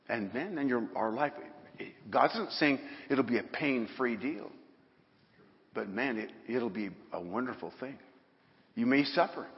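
A man preaching a sermon in a folksy way, with bursts of rising emphasis. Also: mid-range voice. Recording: dull sound in a hall with long reverb.

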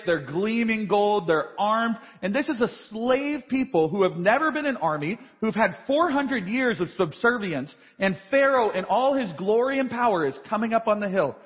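A man preaching a sermon in a large church, reading scripture aloud and acting out the voices in the story. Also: high-pitched. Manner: animated, reads scripture then acts out voices. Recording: dull live church feed with long reverb.

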